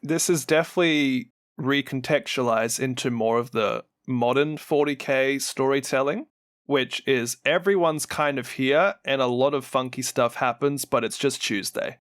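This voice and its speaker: A man co-hosting a podcast, retelling game lore in casual, animated chat and laughing often. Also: medium pitch, normal speed, clean tone, dry recording, clean studio sound. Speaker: podcast co-host.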